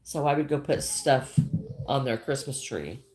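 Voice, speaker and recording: A woman's voice: a bass voice, animated, a little slow, a little mellow. An older woman chatting casually on her crafting livestream, greeting viewers by name and often repeating herself. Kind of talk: casual livestream chat while crocheting.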